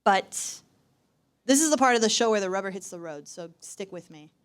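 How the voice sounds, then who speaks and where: Young woman, mid-pitch, dry wit, live stand-up storytelling on a campus stage. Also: normal speed. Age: young adult. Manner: wry, self-deprecating, lively delivery. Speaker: student performer. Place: university performance stage.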